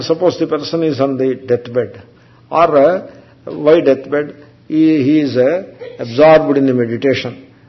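A man giving a spiritual discourse as a teacher, speaking slowly with halting pauses and restarts and chanting Sanskrit terms. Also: mid-range voice. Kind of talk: Vedanta discourse. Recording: dull lo-fi recording.

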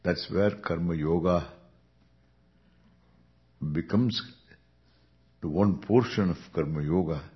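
A man with an Indian accent, a spiritual teacher giving an unhurried Vedanta discourse, chuckling often as he speaks. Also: low-pitched. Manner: unhurried, chuckling, lively intonation. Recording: dull lo-fi recording.

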